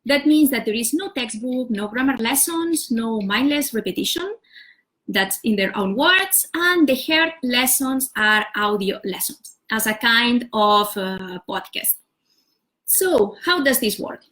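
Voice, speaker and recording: A woman's voice: fairly high pitch, expressive, unhurried, fairly bright tone. A woman language teacher giving a casual livestream explainer, talking step by step with frequent "uh" and "so". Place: home setup for a live stream.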